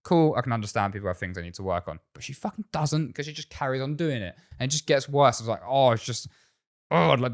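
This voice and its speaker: A young man rattles along quickly in podcast chat. He is blunt and animated, swearing freely, and his voice sits in a middle pitch. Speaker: podcast co-host.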